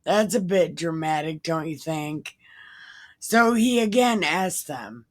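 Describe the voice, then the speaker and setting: Slow, irreverent woman reading scripture. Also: fairly low pitch, animated. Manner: irreverent, profane, wisecracking asides. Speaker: host reading the Bible aloud. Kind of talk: casual scripture reading with commentary.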